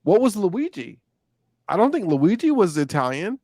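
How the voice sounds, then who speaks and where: A man's voice: sits high, sing-song, moderate pace, warm tone, no room sound, studio quality. A young man co-hosting a casual chat podcast, talking in a laid-back, rambling way with lots of fillers and restarts. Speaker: podcast co-host.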